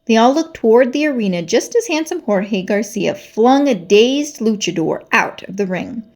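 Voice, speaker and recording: A woman reading a children's storybook aloud in a lively, expressive way. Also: fairly high pitch, moderate pace.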